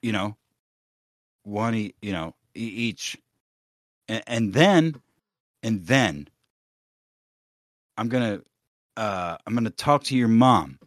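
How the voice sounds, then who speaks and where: Low-voiced guy cussing and making fake angry threats, dry close sound. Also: lively intonation, slow pace, pauses often, no room sound. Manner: profane, mock-angry trash talk. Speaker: podcast co-host. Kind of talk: casual banter on a livestream.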